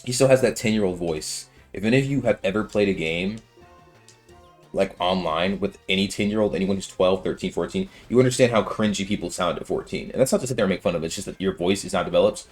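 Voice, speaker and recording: Deep-ish young guy yapping fast while he plays, lots of "like" and "bro". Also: soft background music. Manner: rambling, filler-heavy, slangy. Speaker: let's-play gamer. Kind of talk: casual gameplay commentary.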